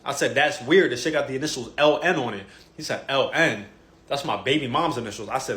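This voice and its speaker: Brief: male comic storyteller, quick delivery, plays out the dialogue, roomy echo. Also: mid-range voice. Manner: animated, profane, quoting others in dialogue. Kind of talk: comedic storytelling.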